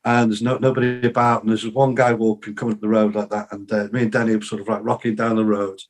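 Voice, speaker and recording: A man's voice: on the low side, quick pace. An older man, a musician and songwriter, telling rambling stories as a podcast guest, acting out what people said to him. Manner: lively anecdotes full of acted-out quotes; rambling, with many fillers and restarts. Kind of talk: casual interview storytelling.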